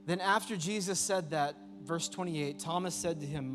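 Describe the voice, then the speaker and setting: A man preaches to a youth crowd, his voice sitting a little high. He tells stories with animated acted-out voices. The sound carries a long hall reverb with faint music underneath. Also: moderate pace, few pauses. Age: 30s. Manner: lively storytelling, acts out voices. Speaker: youth pastor. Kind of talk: youth sermon. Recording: echoey hall with music behind.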